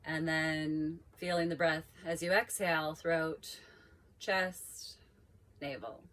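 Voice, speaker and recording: A woman yoga teacher calmly leading a guided breathing practice with slow, drawn-out cues. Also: low-pitched.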